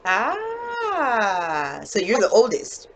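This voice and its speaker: A woman with a standard North American accent teaching a one-on-one English lesson over a video call. She explains slowly and clearly, with patience. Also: on the high side, huge pitch swings, slight background noise, poor audio. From United States.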